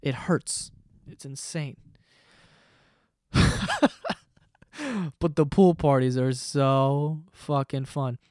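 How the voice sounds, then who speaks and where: A man's voice: medium pitch, steady tone, slow, a little mellow, no echo, studio quality. A young man telling rambling, profane stories in a casual podcast monologue. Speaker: podcast host.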